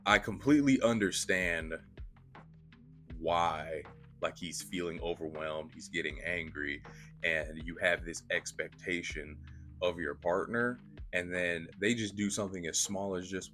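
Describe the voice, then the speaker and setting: A man giving a casual, slangy and profane film review, retelling scenes with animated energy. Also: deep voice, a little slow, soft background music.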